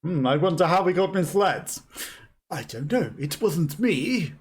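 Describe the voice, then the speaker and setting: A man's voice: on the high side, very animated, a little slow, slightly rough. A man hosting a let's play, chatting and musing aloud with chuckles as he plays. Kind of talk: casual gameplay commentary. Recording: game music behind the voice. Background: game music.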